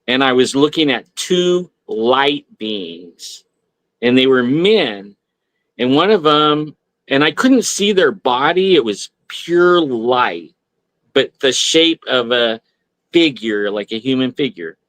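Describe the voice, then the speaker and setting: A man's voice: medium pitch, lively intonation, takes it slowly, a bit bright, no echo. A man telling a personal story on a talk radio show, rambling with many restarts and fillers. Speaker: guest. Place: radio studio.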